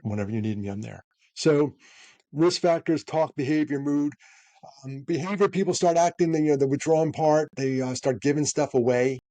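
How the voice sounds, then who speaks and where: As a podcast guest, a man offers earnest advice, an animated storyteller who acts out bits of dialogue as he goes. His voice is a little high, he speaks at normal speed, and the recording is dry.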